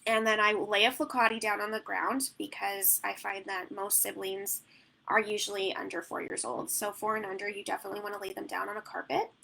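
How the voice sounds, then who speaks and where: A woman's voice: medium pitch, level tone, brisk, creaky, noisy background. A woman newborn photographer answering questions in a live online Q&A, rambling and chatty with plenty of "like" and "um". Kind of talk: live Q&A teaching.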